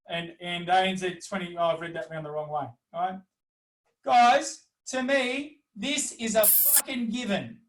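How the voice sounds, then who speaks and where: Australian man, high-pitched, blunt and sweary, business adviser ranting, echoey room. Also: a bit bright. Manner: blunt, swears freely, emphatic. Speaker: business adviser hosting a webinar. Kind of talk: ranting webinar talk. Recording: echoey room, speaking away from the mic.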